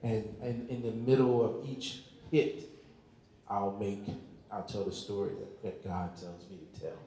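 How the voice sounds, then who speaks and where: A man, a filmmaker on a panel, speaking earnestly to a live audience and often pausing to search for words. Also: fairly low pitch, level tone, mellow. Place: large hall at a community event. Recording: very echoey hall.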